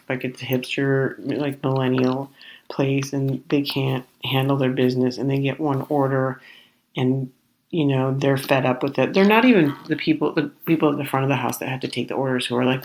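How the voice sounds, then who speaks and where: Animated woman telling a story. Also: very deep voice. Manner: animated, acts out the other people in her story; exasperated, rambling retelling. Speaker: podcast host. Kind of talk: comedic storytelling monologue.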